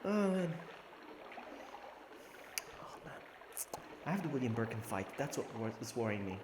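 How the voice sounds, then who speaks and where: A man's voice: fairly low pitch, fast talker. A man live-streaming a video game, joking with chat and laughing often. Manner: joking, excitable, laughs a lot. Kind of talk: live gameplay commentary. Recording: echoey room with faint noise.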